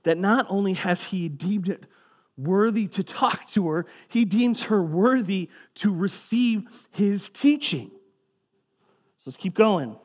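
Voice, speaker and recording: A man preaching a sermon in a relaxed, conversational way, sinking low and quiet when he reads scripture aloud. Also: slow pace. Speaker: pastor.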